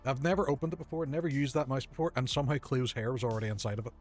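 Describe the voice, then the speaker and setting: A man's voice: medium pitch, steady tone, rapid-fire, a little mellow. A man, chatting casually while streaming a game from his desk at home, jokey and self-mocking. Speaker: streamer playing a video game. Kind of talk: casual gaming chat. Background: faint game music.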